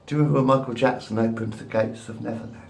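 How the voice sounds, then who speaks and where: Gravelly man in his fifties. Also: mid-range voice, steady tone, racing. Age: 50s. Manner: crude, repetitive, rambling. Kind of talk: rambling monologue to camera. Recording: echoey room.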